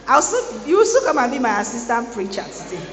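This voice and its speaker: A woman giving a lively motivational sermon to students, playfully teasing the audience. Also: fairly high pitch, fast talker. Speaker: guest speaker at a student boot camp. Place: large hall. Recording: echoey large hall.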